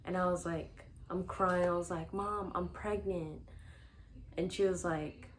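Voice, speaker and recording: A woman's voice: on the low side, level tone, normal speed, a little hiss or hum. A young woman vlogger casually telling her own life story, chatty with lots of "like" and small laughs. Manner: chatty, frequent "like", laughs between sentences.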